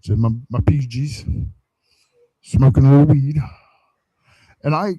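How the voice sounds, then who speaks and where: Man, podcast co-host, rowdy crude storyteller, acts out every line, middle pitch, dry close sound. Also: unhurried, husky, no echo, rough recording. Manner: profane, animated storyteller acting out quoted dialogue. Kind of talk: casual storytelling chat.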